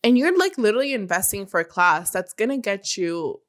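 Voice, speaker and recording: A woman's voice: mid-range voice, very animated, a little fast. A young woman speaking as a guest in a casual chat, telling her stories emphatically. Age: young adult. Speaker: guest, salon owner.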